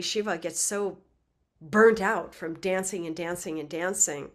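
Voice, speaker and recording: A woman giving a spiritual talk, telling a myth in a lively, conversational way with casual asides. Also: lowish voice. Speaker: spiritual teacher. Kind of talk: casual storytelling lecture.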